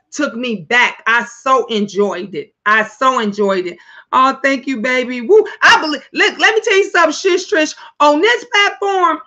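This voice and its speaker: A woman hosts a casual livestream, speaking in a high, bright voice. She is loud, playful and profane, and breaks into laughter often. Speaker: livestream host.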